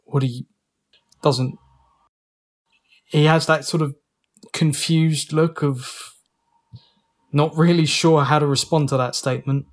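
A man's voice: fairly high pitch, fairly even intonation, slow pace, pauses often. A man player in a tabletop role-playing game, briefly describing his character and speaking in character.

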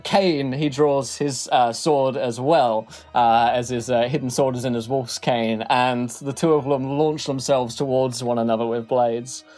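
A man's voice: mid-range voice, darkish tone. A man narrating a tabletop game as game master, rambling with many fillers.

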